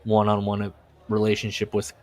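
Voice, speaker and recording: A man with a fairly low voice co-hosts a casual comedic podcast. He reads book passages in a mock-solemn tone and breaks into laughter often. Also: monotone, normal speed, a little mellow. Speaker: podcast co-host reading a book aloud.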